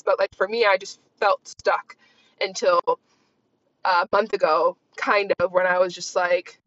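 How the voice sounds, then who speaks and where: A woman's voice: mid-range voice, level tone, normal speed, a bit bright. A woman in her twenties hosting a casual solo podcast, talking candidly in a rambling way, with lots of "like". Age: 20s. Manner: rambling, candid, heavy use of "like". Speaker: podcast host. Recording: slightly dull lo-fi recording.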